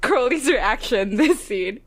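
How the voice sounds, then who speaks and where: Giggly high-voiced woman co-host. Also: animated, slow. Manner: giggly, rambling, quotes characters in mock voices. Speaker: podcast co-host. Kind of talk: casual chat recapping a TV episode.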